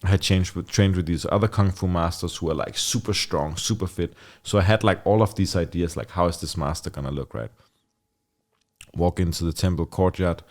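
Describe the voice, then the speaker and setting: Young man, very deep voice, rambling storyteller who swears and laughs, studio podcast guest. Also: fairly quick. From Denmark. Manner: animated, laughing storyteller, heavy use of "like", swears freely. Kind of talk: casual storytelling.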